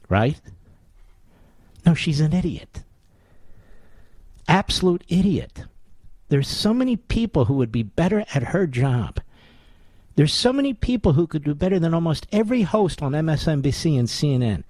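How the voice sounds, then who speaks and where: A man hosting a talk radio show, delivering a combative, sarcastic monologue full of mocking rhetorical questions, his voice rising high in indignation. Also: very animated, moderate pace, pauses often, no room sound. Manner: voice climbs high and loud in indignation.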